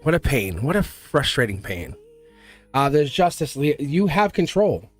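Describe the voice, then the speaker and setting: A man's voice: fairly high pitch, very animated, measured pace, breathy edge, soft background music. A man giving a live tarot reading, blunt and chatty, laughing often and acting out little voices. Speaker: tarot reader.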